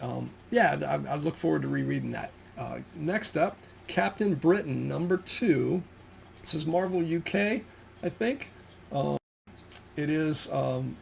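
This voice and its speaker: A middle-aged American comic collector shows off his finds in a casual show-and-tell, rambling with lots of ums and restarts. His voice is a little high with vocal fry, over slight background noise.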